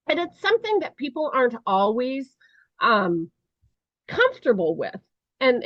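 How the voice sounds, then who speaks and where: A middle-aged woman leads a training session, her voice sitting fairly high as she explains slowly and earnestly, pausing on ums. The recording is dry and dull, with a muffled lo-fi sound. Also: dry recording. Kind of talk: conference presentation.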